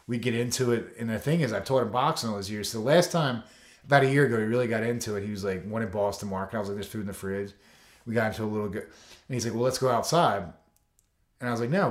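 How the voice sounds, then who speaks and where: A man's voice: on the low side, quick pace. A man, a coach, telling stories in a casual interview, loose and rambling with lots of fillers, acting out the lines of the people in them. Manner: loose and rambling, full of "you know" and "like", acts out quotes. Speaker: coach and foster dad, interview guest. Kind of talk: casual storytelling in a podcast interview. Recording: roomy echo.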